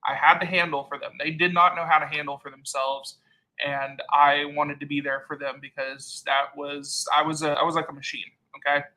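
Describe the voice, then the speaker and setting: A man with a higher-than-usual voice and a bright, forceful tone. He hosts a casual live-stream chat and tells a heated story, now and then acting out the people he quotes. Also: little pitch movement, normal speed, low-quality recording. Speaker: channel host.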